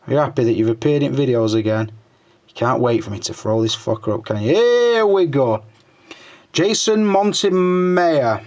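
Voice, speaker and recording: Hosting his toy review channel, a middle-aged man casually works through viewer comments in an ordinary mid-range voice. His banter is crude, joking and packed with swearing. He drops into quiet mutters under his breath while scrolling between comments.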